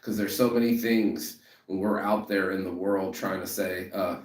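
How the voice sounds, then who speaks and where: This vlogger's low, steady voice moves at normal speed through a profanity-laced, emphatic, repetitive pep talk about rejection as he says he heads toward a train station. The sound is echoey and far off.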